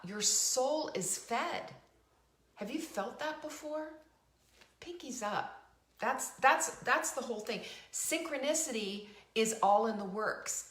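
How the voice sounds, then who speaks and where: A woman's voice: mid-range voice, a bit bright, roomy sound. A middle-aged woman hosting a live motivational talk, emphatic and preachy, repeating phrases and asking her audience questions. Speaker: show host.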